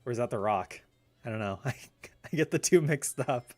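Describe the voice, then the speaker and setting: A man's voice: mid-range voice, expressive, normal speed, a little mellow, soft background music. A young man streaming a game live, chatting casually with lots of laughter and rambling asides. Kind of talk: casual live gameplay chat.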